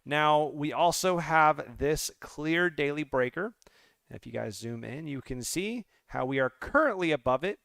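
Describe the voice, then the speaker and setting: A man who trades crypto, going over charts live in an excitable, rambling way and talking straight to his viewers. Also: a little high, unhurried, vocal fry, no echo. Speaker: crypto trader and channel host.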